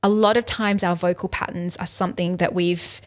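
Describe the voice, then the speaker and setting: A woman's voice: fairly low pitch, fairly even intonation, normal speed. An Australian woman, a speaking coach, explaining vocal tips as a podcast guest and acting out examples in different tones. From Western Australia.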